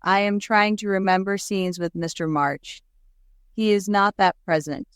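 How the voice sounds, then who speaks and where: A woman's voice: medium pitch, fairly even intonation, measured pace, clear, resonant tone, no echo, studio quality. A woman co-hosting a podcast, talking through a film adaptation in a chatty, reflective way. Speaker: podcast co-host. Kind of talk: casual chat.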